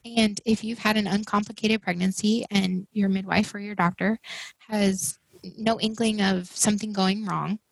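A woman in her thirties, a podcast guest, speaking in a casual conversational way and acting out other people's words in an animated voice while she tells her stories. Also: medium pitch, moderate pace, gravelly, no room sound, low-quality recording. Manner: animated storytelling, acts out quoted people in raised voices.

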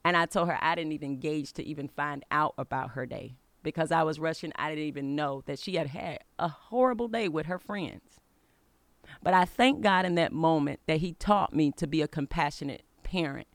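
A woman's voice: low voice, normal speed, no room sound. A middle-aged woman hosting a faith-based podcast, telling a personal story in an earnest, conversational way and urging listeners on. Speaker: podcast host.

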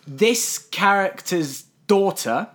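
A man's voice: high voice, expressive, takes it slowly, fairly bright tone. A man co-hosting a comedy podcast, blunt and pushy, who swears casually. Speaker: podcast co-host.

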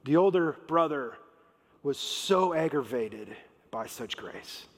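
Man, pastor, sermon, high pitch, lively casual storytelling, reverberant church hall. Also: slow. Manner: animated storytelling with casual slang.

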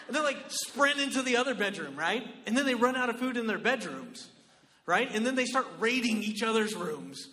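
Bright-voiced, animated preacher man. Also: very high voice, a little fast, long reverb tail. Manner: animated, conversational, lots of "right?" and "like". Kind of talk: sermon.

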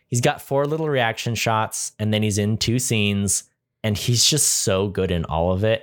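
A man co-hosting a casual movie chat, enthusiastic and rambling with lots of fillers. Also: fairly low pitch. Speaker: podcast co-host.

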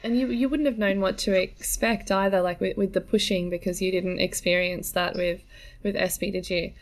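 A woman's voice: medium pitch, steady tone, moderate pace. A woman hosting an interview, asking questions and giving supportive backchannel replies. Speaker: podcast host. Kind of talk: casual interview.

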